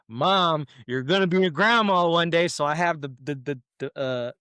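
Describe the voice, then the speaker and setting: A young man with a fairly high voice tells a story on a podcast. He talks casually and acts out the people in it. His voice is close to the mic and dry. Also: dry recording. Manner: animated, acts out quotes in raised voices. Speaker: podcast guest.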